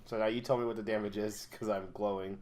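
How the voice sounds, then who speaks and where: A man's voice: fairly low pitch, little pitch movement, fast talker, crowd noise. A man playing a tabletop game, casual and a bit hesitant as he decides his move. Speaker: player.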